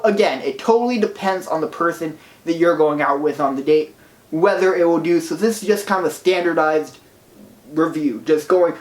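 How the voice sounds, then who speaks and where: An excitable movie reviewer gushes through a casual video review in a mid-pitched voice and drops a swear here and there for emphasis. The voice bounces around a roomy, echoey space. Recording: roomy echo.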